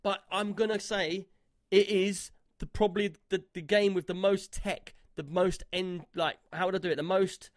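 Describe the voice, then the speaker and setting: A man's voice: high-pitched, steady tone, normal speed, dry recording, clean studio sound. A man co-hosting a casual gaming podcast, talking in a rambling way with many fillers and restarts. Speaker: podcast co-host.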